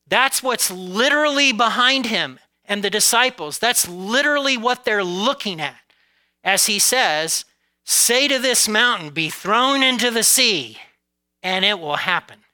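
A male pastor delivers a conversational sermon, stretching some words out slowly for emphasis and rushing through asides. His voice sits high and sounds very bright, smooth and clear. He keeps checking in with the room as he preaches. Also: animated, poor audio. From United States. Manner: conversational preaching with frequent "okay?" and "right?" check-ins; occasional laughs, varies pace from drawn-out emphasis to quick asides.

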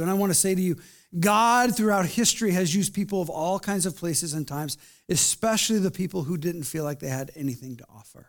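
Earnest pastor, soft hushed pleading. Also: male voice, high-pitched, quick pace. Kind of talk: sermon and closing prayer. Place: church service.

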